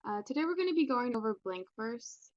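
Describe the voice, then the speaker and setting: A woman's voice: a little high, very animated, fairly quick, a little mellow, dry recording, dull audio. A young woman teaching a recorded English lesson in a casual, chatty way, with many ums and restarts. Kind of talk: recorded online class lesson.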